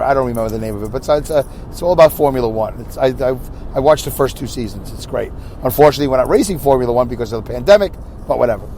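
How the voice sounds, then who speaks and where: A man's voice: on the high side, darkish tone. A man with a New York accent from Brooklyn, hosting a podcast in a rambling, chatty way, correcting himself and going off on asides. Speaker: podcast host. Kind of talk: casual solo podcast chat.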